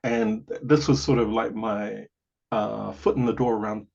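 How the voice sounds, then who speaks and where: A New Zealand man in his forties, his voice gravelly and husky, shares a personal story as a guest on a podcast. He speaks fairly low and a little slowly, staying animated, acting out quoted voices and dropping in lots of "you know" asides. The recording comes across somewhat dull and lo-fi.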